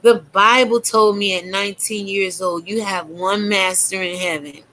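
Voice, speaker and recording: A woman's voice: mid-range voice, fairly even intonation, moderate pace, bright, forceful tone, low-quality recording. A woman YouTuber preaching in a fiery, profane rant to her viewers. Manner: fiery, preachy, heavy cursing. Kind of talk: religious rant to camera.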